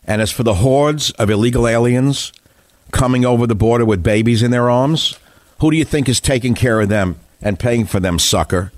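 A man's voice: medium pitch, moderate pace, no room sound. A man hosting a talk radio show, delivering a combative, scornful political monologue with heavy emphasis. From United States.

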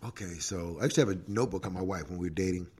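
A man who is a pastor and podcast co-host, telling stories in a casual, animated way and laughing often. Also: low voice, rapid-fire, slightly rough. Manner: animated, acts out quoted prayers, laughs often. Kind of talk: casual faith talk with storytelling.

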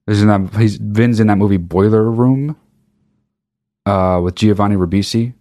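A man's voice: fairly low pitch, steady tone, normal speed, mellow. A man hosting a podcast, ranting in a profane, sarcastic, rambling comedic way. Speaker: podcast host. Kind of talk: comedic rant.

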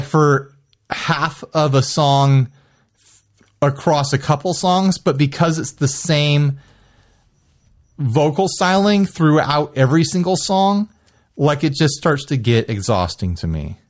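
A man co-hosting a casual music podcast, chatty and self-deprecating, quick to laugh. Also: on the high side, animated. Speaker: podcast co-host. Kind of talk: casual chat.

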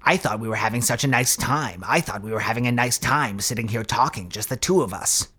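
A man's voice: mid-range voice, brisk, sharp tone, husky. An actor voicing a touchy, wheedling male dwarf hustler in an audio drama. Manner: pushy, then sulky and bitter.

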